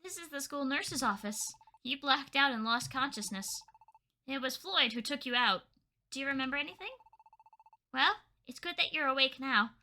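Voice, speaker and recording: A woman voicing a gentle village nurse Pokémon who speaks softly and soothingly. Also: sits high, animated, moderate pace. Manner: soft, soothing.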